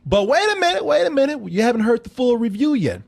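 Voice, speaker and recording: High animated dude reviewing a movie, laughing, cussing, acting scenes out. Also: male voice, fast, gravelly. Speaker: host, film reviewer. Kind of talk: casual film review chat.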